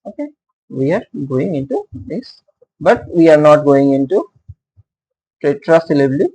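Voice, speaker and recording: A man teaches at an unhurried pace, asking his listeners questions and stopping for many fillers. His voice is gravelly and a little husky, and his pitch rises and falls a lot. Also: sing-song, a little mellow, poor audio. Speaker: literature teacher. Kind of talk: casual classroom-style explanation.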